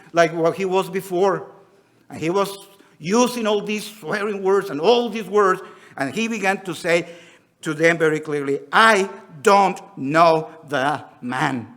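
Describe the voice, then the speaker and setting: A male preacher whose accent blends Spanish with Australian. He has a somewhat high voice. He preaches in an earnest way, reading scripture and acting out the quoted lines. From Spanish-speaking country. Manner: earnest, reads scripture aloud and acts out quotes. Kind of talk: sermon.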